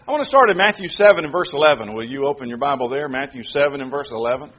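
A man preaching a sermon, moving from quiet prayer announcements to loud, emphatic points. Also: medium pitch, racing, hardly any pauses, dull audio. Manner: animated preaching, shifts between hushed announcements and loud emphatic delivery. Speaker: pastor.

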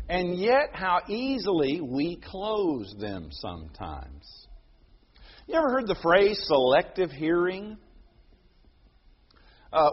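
A middle-aged man delivers a sermon in a high, lively voice that leaps up and down in pitch. His tone is a little husky, and the recording sounds dull and lo-fi. He swings from loud proclaiming to hushed storytelling. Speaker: preacher.

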